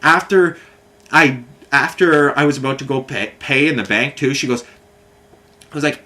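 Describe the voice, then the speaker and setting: A man's voice: medium pitch, normal speed, sharp tone. A man vlogging an exasperated, swear-filled rant about bad service, repeating himself as he vents. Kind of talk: angry storytelling rant.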